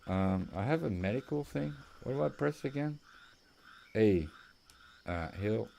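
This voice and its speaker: Low-voiced Australian man rambling over gameplay. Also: lively intonation, measured pace, creaky, dark tone, slight background noise. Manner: rambling storytelling. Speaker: gaming commentator. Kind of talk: casual gameplay commentary.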